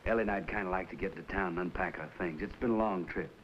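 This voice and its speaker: An actor playing a friendly, good-humored country doctor with a Southern accent, speaking in an easygoing folksy drawl in 1950s TV western style. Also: male voice, deep voice, fast talker, slight background noise, natural voice. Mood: calm. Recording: dull old TV soundtrack with music.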